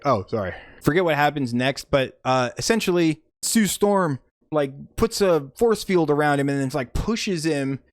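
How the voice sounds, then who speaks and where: A young man giving a profane, sarcastic comedic movie recap, slipping in quick mock voices for the characters. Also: on the high side, animated, no echo, studio quality. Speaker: movie reviewer.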